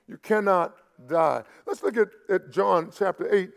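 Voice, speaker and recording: A man pastor preaching a sermon, often restarting words and building to loud, emphatic peaks. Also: sits high, unhurried, vocal fry, few pauses, a faint crowd.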